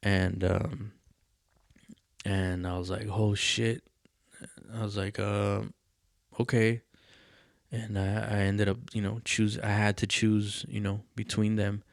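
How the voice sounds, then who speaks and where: A man's voice: lowish voice, level tone, slow pace, gravelly, long pauses, dry recording, studio quality. A man hosting a podcast, telling a personal story in a candid, rambling way, full of fillers and swearing. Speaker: podcast host.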